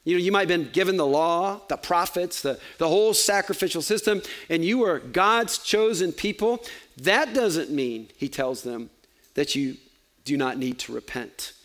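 Man, pastor, sermon, high-pitched voice, conversational, joking asides. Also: lively intonation, normal speed, fairly bright tone. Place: church.

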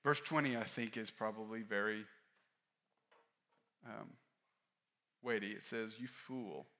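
A man with a fairly low voice delivering a sermon from the pulpit. He talks candidly and conversationally, pushing up in force for key points, then sinking quiet and low for confessions. The delivery feels like a pastor speaking to his own congregation. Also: measured pace. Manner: candid, conversational preaching that rises and falls in force.

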